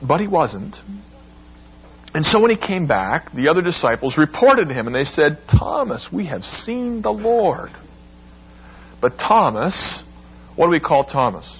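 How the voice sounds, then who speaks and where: Husky preacher man, lo-fi. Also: fairly high pitch, moderate pace. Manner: expressive, acts out quoted lines with emphatic rises. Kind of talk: sermon.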